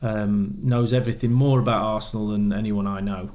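A former footballer telling stories, laughing. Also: male voice, on the low side, a little fast. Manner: animated storytelling, acts out quotes with laughter. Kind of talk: casual chat.

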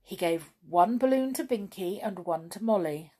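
A woman narrating a children's storybook reading in an expressive storytelling manner. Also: mid-range voice, normal speed.

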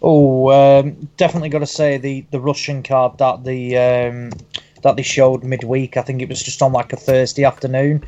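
Man, podcast panelist, hesitant, flat, mellow, muffled lo-fi sound. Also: medium pitch, normal speed, slight background noise. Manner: hesitant, many ums and uhs. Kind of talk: casual boxing chat.

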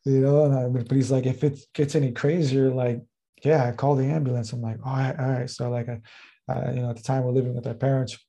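A man tells a personal story in a loose, rambling way, leaning on fillers as he goes. His voice is gravelly and husky. The tone is dark and mellow. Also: mid-range voice, little pitch movement, brisk. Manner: rambling, heavy use of fillers like "like" and "uh". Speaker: podcast guest. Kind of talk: casual storytelling.

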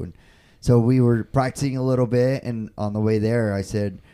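A man on a radio show, chatting casually and telling a family story with lively acted-out quotes. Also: fairly low pitch, normal speed, creaky, clean tone. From Guatemala. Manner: animated storyteller acting out family dialogue. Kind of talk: casual chat.

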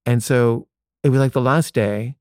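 Man, personal storytelling, conversational, filler-heavy, mellow tone, dry recording. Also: medium pitch, a little slow, dry recording. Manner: conversational, frequent "like" fillers, acts out quoted dialogue.

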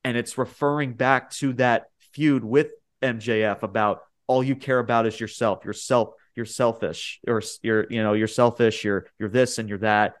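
A man co-hosting a casual wrestling podcast, talking in an animated, rambling way that rises sharply when he gets worked up. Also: mid-range voice, normal speed, hardly any pauses. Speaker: podcast co-host.

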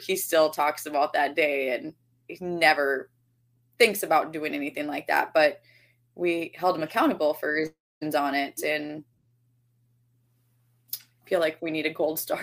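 Low-voiced woman telling a family story. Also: steady tone, measured pace, sharp tone. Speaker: podcast co-host. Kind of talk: casual chat.

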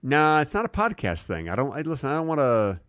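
Casual comic podcast co-host, male, playful and very animated, recorded dry. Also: on the high side, fast, no room sound. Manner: playful, drops into a hushed intimate voice. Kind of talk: casual comedic chat.

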